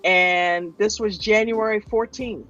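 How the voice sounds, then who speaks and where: A chatty host telling a story, a mid-pitched voice that keeps checking in with the listener. The sound is dull and lo-fi, with faint music playing underneath. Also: fairly even intonation, takes it slowly, a bit bright. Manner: chatty storyteller, keeps asking "you know what I mean". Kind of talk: casual chat.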